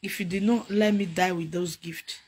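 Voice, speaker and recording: A woman's voice: fairly low pitch, steady tone, normal speed. A young woman with a Nigerian accent, crying as she makes a repetitive, emotional plea for help as a mother. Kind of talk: tearful public appeal. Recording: loud music behind voice. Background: music.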